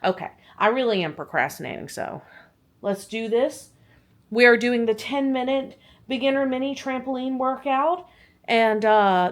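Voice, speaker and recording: A young woman records a chatty workout vlog in her living room on a clip-on mic, rambling and cracking self-deprecating jokes. Her voice is a little high, with lively intonation and a moderate pace.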